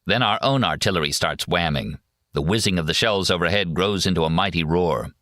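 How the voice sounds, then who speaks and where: A man narrating a war memoir audiobook in a steady, measured first-person reading. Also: low-pitched, no echo, studio quality.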